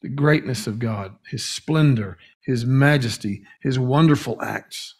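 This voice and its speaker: A man's voice: medium pitch, measured pace. A man preaching a sermon in a church as pastor, earnest, stretching key words for emphasis, with a few restarts. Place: church sanctuary.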